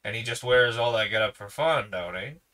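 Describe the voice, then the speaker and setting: A storybook reader voicing a gruff, rude middle-aged policeman who speaks sarcastically. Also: medium pitch, normal speed, sharp tone, close to an everyday voice. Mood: sarcastic. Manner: sarcastic, mumbling.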